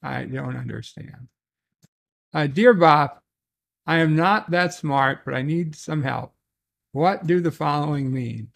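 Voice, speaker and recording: A man hosting a casual solo livestream, reading viewer messages aloud slowly and haltingly, with restarts and muttered asides. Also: fairly high pitch, vocal fry, a bit bright.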